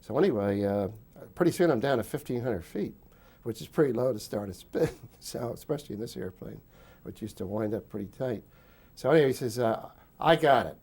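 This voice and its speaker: A man's voice: mid-range voice, lively intonation, fairly quick, creaky, warm tone, slightly rough. An older man in an interview, recounting wartime memories as a rambling storyteller who chuckles often between fillers.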